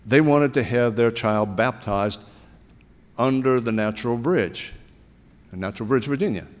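A male pastor giving a sermon, telling stories in a relaxed, conversational way. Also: medium pitch, moderate pace. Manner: conversational storytelling preaching. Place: church sanctuary. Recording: long reverb of a church hall.

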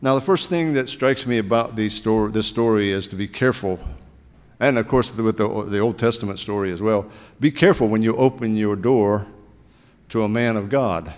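A male pastor giving a sermon, telling stories in a relaxed, conversational way. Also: fairly low pitch, moderate pace, clean tone. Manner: conversational storytelling preaching. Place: church sanctuary. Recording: long reverb of a church hall.

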